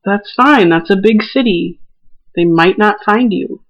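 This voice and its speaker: A woman with a mid-range voice co-hosts a casual podcast. She is blunt and quick to tease, and she keeps the talk loose and jokey. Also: medium pitch, muffled recording. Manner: blunt, teasing, quick to joke. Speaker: podcast co-host. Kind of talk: casual chat.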